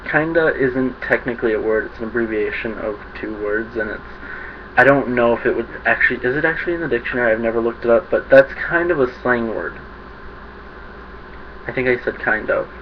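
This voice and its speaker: A young man rambling to the camera in a casual vlog, self-conscious and quick to laugh at his own slips. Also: medium pitch. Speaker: vlogger. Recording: dull lo-fi webcam audio with faint hiss.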